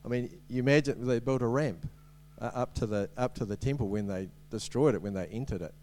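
A man's voice: medium pitch, a little fast, dark tone. A man giving a sermon as a preacher, in a conversational way with many ums and restarts and light humorous asides.

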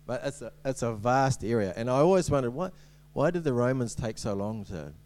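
A man's voice: mid-range voice, animated, fairly quick, darkish tone, a little hiss or hum. A man giving a sermon as a preacher, in a conversational way with many ums and restarts and light humorous asides.

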